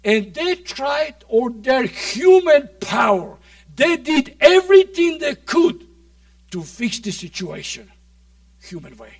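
High-voiced preacher with dramatic swings. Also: male voice, very animated, unhurried, gravelly, no echo, recorded from a distance. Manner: dramatic, swings from shouts to near-whispers. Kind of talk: sermon.

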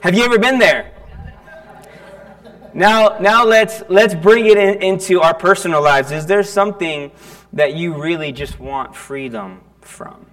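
A man's voice: high voice, a bit bright. A man preaching a sermon in church, talking casually with frequent restarts and questions to the congregation. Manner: conversational, halting with restarts, asks the congregation questions. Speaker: pastor. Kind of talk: sermon with storytelling.

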